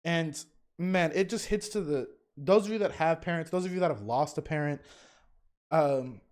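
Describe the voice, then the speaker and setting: A young man, a teacher, giving casual, emotional fan commentary in a reaction video, often halting and restarting. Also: a little high, a little mellow.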